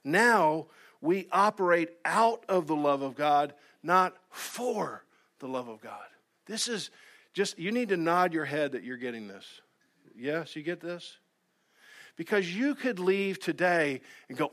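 A man preaching a sermon as pastor. He talks earnestly, dropping to soft asides and then rising to loud, emphatic exhortation. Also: fairly high pitch, animated, a little slow. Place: church sanctuary.

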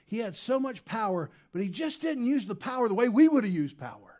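A man preaching a sermon as pastor, swinging between loud emphatic lines and quiet, low asides. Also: sing-song, fairly quick. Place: church sanctuary.

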